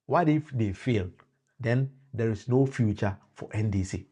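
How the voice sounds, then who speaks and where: Speaking a little slowly, this man's medium-pitched voice is warm and slightly rough, with a Ghanaian accent. He comments on politics for a live-stream crowd, alternating Twi and English, starting phrases over, and naming viewers directly.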